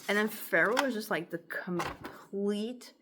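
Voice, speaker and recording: A woman's voice: medium pitch, a little slow, noisy background. A woman talking casually to camera about her songwriting and reading her own lyrics aloud, rambling and chatty, with an itchy throat. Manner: rambling and chatty, heavy use of "like", softening into murmurs when emotional. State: throat itching.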